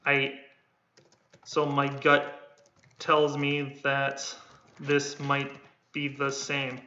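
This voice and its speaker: This sales coach talks on a casual livestream with a medium-pitched, bright, forceful voice, yet his delivery is completely flat and extremely slow. He rambles, repeats words, and acts out tones of voice as keyboard typing sounds in the background. The audio is echoey, dull, and lo-fi.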